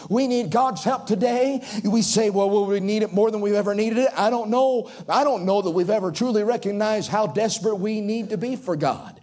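A male preacher from coastal North Carolina with a Southern accent, delivering a sermon that swings from ringing highs to hushed drops. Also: moderate pace, hardly any pauses. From Outer Banks of North Carolina.

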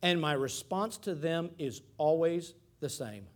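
High-voiced preacher with dramatic hushes. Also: male voice, lively intonation, unhurried. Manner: dynamic, swings between loud emphatic and hushed tones; repeats key phrases, stumbles and restarts. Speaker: pastor. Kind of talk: sermon.

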